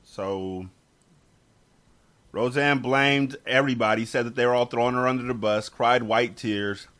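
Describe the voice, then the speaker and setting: A man with a middle-pitched voice talking loosely on a podcast. He is blunt, teasing and profane, and he drifts between wisecracks and commentary. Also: steady tone, unhurried, a bit bright. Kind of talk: casual chat.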